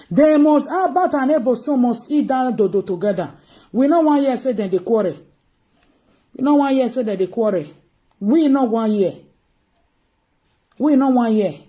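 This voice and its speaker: A woman's voice: a little high, dark tone. A Nigerian woman with an Edo Pidgin accent giving emphatic political commentary on a livestream, repeating her key phrases. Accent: Nigerian Pidgin English, Edo. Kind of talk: live-streamed political commentary.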